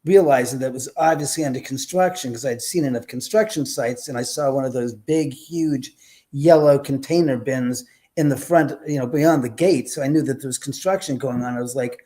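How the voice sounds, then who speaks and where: A man's voice: medium pitch, brisk. A man, a podcast guest telling a story and acting out the dialogue, speaking from home over a remote call. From Los Angeles, USA. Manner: animated, acts out quoted dialogue. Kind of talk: casual storytelling. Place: home in Los Angeles.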